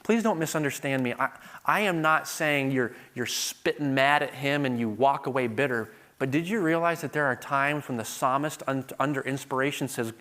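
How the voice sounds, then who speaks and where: A middle-aged man preaching a sermon, moving from quiet storytelling to loud, emphatic peaks. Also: mid-range voice, moderate pace.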